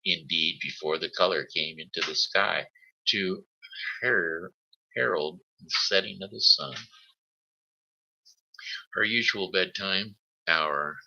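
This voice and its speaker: A man reading a children's story aloud on his live show, halting, with slips and restarts. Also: low-pitched, creaky, pushed and bright, lo-fi sound. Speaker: host.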